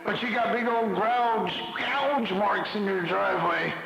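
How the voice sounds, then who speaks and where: A man's voice: high-pitched, measured pace, gravelly, dull audio, over loud music. A man on a CB radio channel, mocking another caller with profane, repeated jabs. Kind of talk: taunting CB radio banter. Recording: echoey noisy CB radio transmission.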